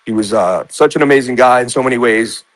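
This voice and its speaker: A man's voice: mid-range voice, fast talker, dry recording, rough recording. A man in his forties from New York, a guest telling personal stories in a rambling way, full of filler words. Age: 40s. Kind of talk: casual conversation.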